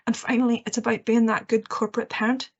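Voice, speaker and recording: A woman's voice: a little high, flat delivery, fast talker, husky. A woman giving a training presentation to teachers, earnest and reassuring, often checking in with "okay". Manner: earnest, reassuring, with frequent okays and ums. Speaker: education trainer. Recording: muffled lo-fi recording.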